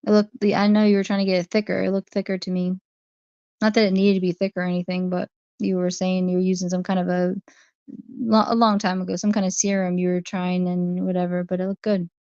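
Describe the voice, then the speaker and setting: A woman's voice: lowish voice, level tone, fast, warm tone, clean tone, no room sound. A woman hosting a casual livestream, talking through her viewers' chat comments one by one. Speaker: livestream host. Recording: dry, dull lo-fi stream audio.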